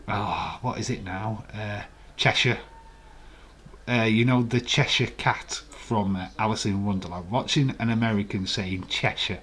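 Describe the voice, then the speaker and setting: A man's voice: on the low side, steady tone, normal speed, fairly bright tone. A man with a Yorkshire accent, hosting a live watch-along stream and chatting casually, teasing viewers in the chat. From England.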